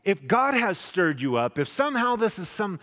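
Preacher with ringing hall reverb. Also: male voice, high voice, very animated, moderate pace. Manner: dramatic, acts out quotes loudly, then drops to a hush. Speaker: pastor. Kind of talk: sermon. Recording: long echoing reverb of a large hall.

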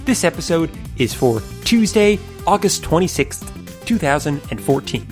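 A male podcast host talks in a lively, up-and-down voice, playing at exasperation with his friends and laughing a lot. His voice sits a touch high for a man. A little background music hums faintly behind him. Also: moderate pace. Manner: playful, mock-exasperated, laughs often. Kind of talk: casual banter with co-hosts. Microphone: studio mic with pop screen.

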